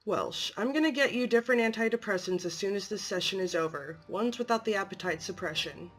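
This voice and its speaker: A woman reading a gentle, concerned doctor. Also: mid-range voice, a little fast, natural voice. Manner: gentle, questioning. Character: concerned, earnest facility doctor. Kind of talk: amateur story reading.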